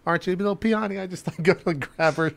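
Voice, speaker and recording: A man with a somewhat high voice plays a tabletop role-playing game. He teases the others and laughs often as he describes his character's actions. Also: fast, creaky, a bit bright. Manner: teasing, laughing. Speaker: player.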